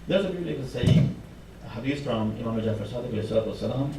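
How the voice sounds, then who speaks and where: In an echoey mosque hall, a man delivers an impassioned sermon, building emphasis on repeated phrases. His mid-range voice has lively intonation and races along, and the recording is very noisy, with the mic placed far away.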